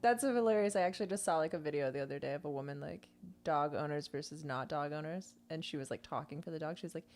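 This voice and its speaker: Young woman on a chatty podcast, giggles a lot, playful quick asides. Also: low-pitched, darkish tone. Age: young adult. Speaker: podcast co-host. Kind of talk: casual chat.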